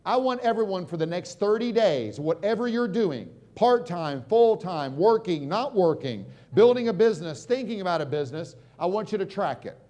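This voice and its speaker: A middle-aged American man giving a motivational seminar talk, quizzing the crowd and swinging from loud punches to hushed moments. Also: high voice, animated, normal speed, few pauses. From United States. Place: stage at a live seminar.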